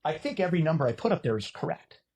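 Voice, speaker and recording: A middle-aged man spins a loose, animated yarn as a podcast guest, swearing freely and laughing at his own blunders. His voice sits a bit high for a man and has a husky, slightly rough edge. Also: very fast. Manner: animated, profane, self-mocking. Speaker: podcast guest, former volleyball player and announcer. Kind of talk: casual storytelling.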